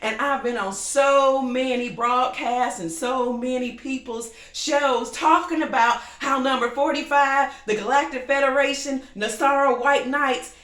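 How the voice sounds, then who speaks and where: A sassy woman host talks straight to her viewers in a casual monologue. Her voice sits on the high side, lively and laughing, and it carries a roomy echo. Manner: sassy, animated, laughs often. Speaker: show host. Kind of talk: casual talk-show monologue.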